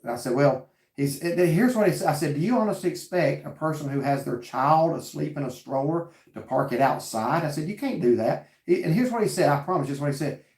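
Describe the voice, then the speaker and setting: A man's voice: fairly high pitch, lively intonation, fast, a little mellow, roomy sound. A man hosting a casual chat and telling a story earnestly with quoted back-and-forth dialogue. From North Carolina. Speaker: vlog host reading live chat.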